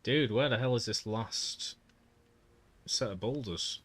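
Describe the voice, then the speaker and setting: A man's voice: mid-range voice, takes it slowly, a bit bright, slightly rough. A man streaming a game, chatting casually and muttering to himself as he plays. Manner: chatty, mutters to himself while playing, drops into accent impressions. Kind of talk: casual gameplay livestream chat.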